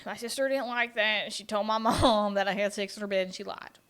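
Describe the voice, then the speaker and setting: A woman's voice: mid-range voice, fairly even intonation, normal speed, fairly bright tone, smooth. A woman in her twenties hosting a podcast, telling personal stories in a blunt, profane and laughing way. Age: 20s. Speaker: podcast host. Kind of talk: casual storytelling chat.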